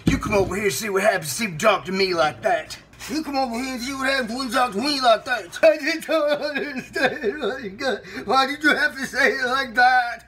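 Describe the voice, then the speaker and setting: A man's voice: high-pitched, fast, few pauses, fairly bright tone. A man playing a touchy country man who washes dishes people mail him, swinging from whiny to threatening and swearing a lot. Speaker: host. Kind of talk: comedy sketch video.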